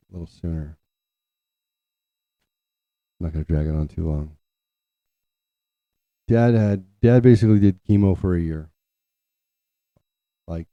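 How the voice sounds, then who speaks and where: A man's voice: deep voice, dry recording. A man telling a personal family story in a rambling way, often restarting his sentences. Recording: dull lo-fi, dry.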